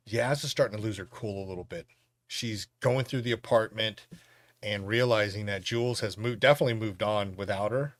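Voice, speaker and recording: A man hosting a podcast, recapping a film's plot in a casual, animated way and laughing now and then. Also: on the low side, no room sound, clean studio sound. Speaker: podcast host reviewing a film.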